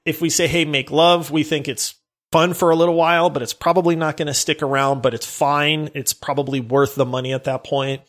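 A man co-hosting a gaming podcast in casual chat, animated and quick to laugh. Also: a little high. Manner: laughs often, animated and jokey. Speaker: podcast co-host.

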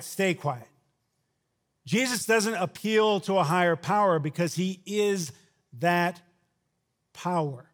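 A man preaching a sermon who shouts out quoted lines and then drops to a low, quiet delivery. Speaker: pastor.

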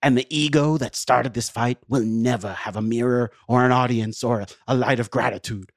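A man's voice: medium pitch, fairly even intonation, no room sound, close to an everyday voice. A man putting on a grave, brooding voice for a weary older rebel spymaster on a podcast. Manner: brooding, grave, slow-building delivery.

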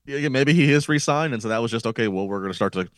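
A man's voice: medium pitch, lively intonation, very fast, dry recording, clean studio sound. A man co-hosting a wrestling podcast, thinking aloud in casual chat with frequent restarts. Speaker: podcast co-host.

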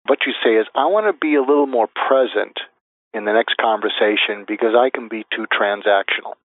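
A man's voice: mid-range voice, no room sound. Male interview guest, methodical step-by-step explainer, tinny phone-like sound, dry close sound. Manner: methodical, lists numbered steps, acts out example phrases. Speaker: guest expert.

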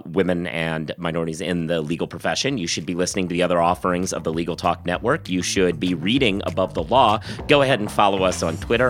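A man hosting a legal podcast, arguing his point quickly and emphatically, then reading the show's sign-off. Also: low-pitched, a bit bright, no room sound. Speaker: podcast host. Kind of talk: casual podcast debate.

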